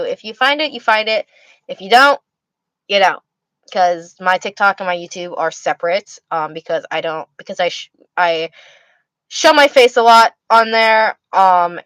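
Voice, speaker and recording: A tired young woman hosts a livestream, reading her chat and rambling casually with many restarts. Her mid-range voice is smooth with a fairly bright tone. The recording is dry but of poor quality.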